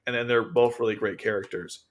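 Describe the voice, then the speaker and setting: A man's voice: fairly low pitch, a little fast. A man hosting his own channel, recapping and commenting on an anime episode in a loose, rambling way with many fillers and restarts. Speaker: anime reviewer and channel host. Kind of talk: casual episode commentary over video.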